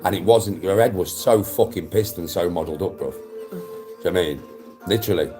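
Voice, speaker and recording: A man's voice: deep voice, brisk, warm tone, soft background music. A young man, chatting on a livestream, blunt and defensive, swearing often. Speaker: livestream host. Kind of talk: casual livestream chat.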